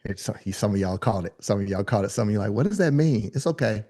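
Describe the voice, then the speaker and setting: A man teaching a live online speaking workshop, with lively, colloquial, high-energy delivery, calling on attendees by name. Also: fast talker. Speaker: speaking coach.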